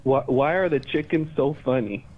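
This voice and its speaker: Brief: upbeat male caller, mid pitch, telling corny jokes. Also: normal speed, phone-quality sound. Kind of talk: phoned-in dad jokes.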